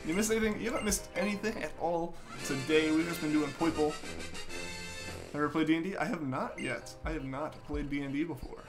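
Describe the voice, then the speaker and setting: A man's voice: fairly high pitch, fairly quick. A young man streaming a game live, chatting casually and reading out viewer messages in an easygoing way with lots of fillers. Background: game music playing.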